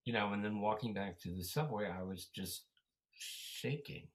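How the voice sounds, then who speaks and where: A man hosting a casual conversation, speaking haltingly with many fillers. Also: fairly low pitch, low-quality recording. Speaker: host. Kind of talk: casual chat.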